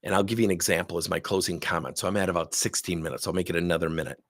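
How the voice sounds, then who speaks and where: A middle-aged man giving an energetic webinar talk as a training consultant, with a husky voice. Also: low-pitched, racing. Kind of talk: webinar presentation.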